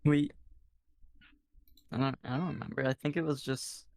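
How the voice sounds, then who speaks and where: A man co-hosting a podcast in casual chat, speaking in a dry, halting, unsure way. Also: medium pitch, fairly even intonation, creaky, a little mellow. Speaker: podcast co-host.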